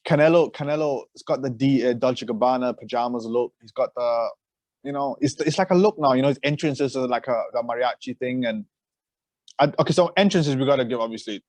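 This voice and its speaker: A man co-hosts a podcast, speaking fast in a mid-range voice. His manner is animated and slangy, with casual swearing. The sound is close and dry, with little room around it. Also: medium pitch, no echo. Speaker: podcast co-host. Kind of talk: casual chat.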